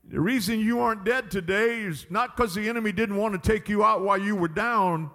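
His voice sits high, fairly quick and bright, with a forceful tone. He is preaching in a church sanctuary, emphatic and repetitive, driving the congregation through call-and-response lines, and the recording carries the long reverb of a church hall.

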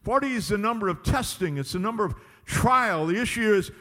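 In a church sanctuary, a man with a high, animated, brisk and slightly bright voice preaches a sermon. He is emphatic and repetitive, pressing the congregation with call-and-response lines. Long hall reverb from the church fills the recording.

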